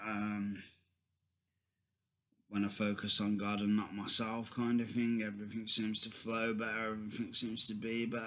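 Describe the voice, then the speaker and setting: A man talking casually to his viewers in a faith vlog, halting, with many ums and restarts. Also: on the low side, fairly bright tone. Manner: addresses viewers as guys. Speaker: vlogger.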